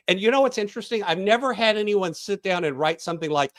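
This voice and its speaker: A man's voice: high-pitched, animated, quick pace, fairly bright tone, no room sound. A man, a coach, guest on a podcast interview, leading a guided visualization in a storytelling manner.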